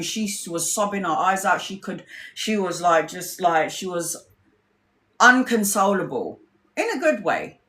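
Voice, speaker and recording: A woman's voice: lowish voice, sing-song, measured pace, fairly bright tone, reverberant. A woman tarot reader telling stories in casual livestream chat. She is blunt and chatty, swears freely and acts out her friends' lines.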